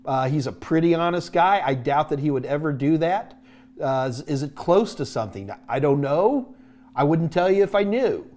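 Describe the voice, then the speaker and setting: A man with a slightly high voice hosts a casual live question-and-answer stream. He rambles and jokes as he answers, often breaking off and restarting his sentences. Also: animated, normal speed, darkish tone. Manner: jokey, rambling, with many restarts. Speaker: host answering viewer tech questions.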